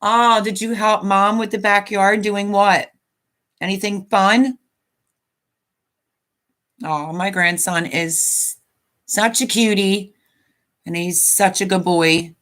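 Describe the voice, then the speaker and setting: A woman's voice: medium pitch, steady tone, slow pace, long pauses, a bit bright. A woman in her fifties hosting a casual live stream, chatting in a rambling way and reading viewer comments aloud.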